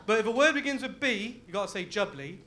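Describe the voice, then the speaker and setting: A young man from Leicester doing a live stand-up set, loud and laughing, full of crude banter with the crowd. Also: high voice, animated, fast. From Leicester, England. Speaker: stand-up comedian.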